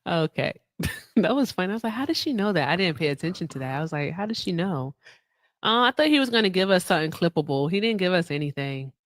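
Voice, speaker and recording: A woman hosts a casual live stream, talking straight to her viewers in a slightly low voice. She jokes around and laughs often. The sound is dry and close, with no room echo. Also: animated, quick pace. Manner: joking, laughs often, talks to chat. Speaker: livestream host.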